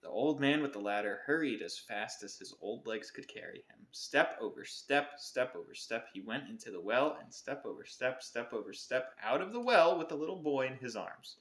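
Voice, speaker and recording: Bright-voiced man reading a storybook. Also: medium pitch, normal speed, hardly any pauses. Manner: expressive storybook reading, self-correcting asides. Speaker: podcast co-host reading aloud. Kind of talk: reading a picture book aloud. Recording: roomy echo.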